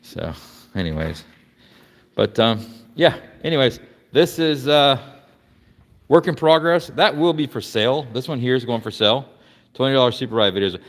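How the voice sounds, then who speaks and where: A man's voice: medium pitch, lively intonation, normal speed, pauses often, big-room sound. A man from Florida casually chatting through a garage walkaround, rambling with lots of fillers and restarts. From Florida, United States. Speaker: vlogger showing his car collection. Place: garage workshop.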